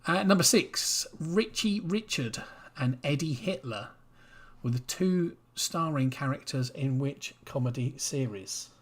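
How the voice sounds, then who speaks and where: A quizmaster, chatting and slowly repeating pub-quiz questions on a livestream from home. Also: medium pitch, expressive. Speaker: quiz host.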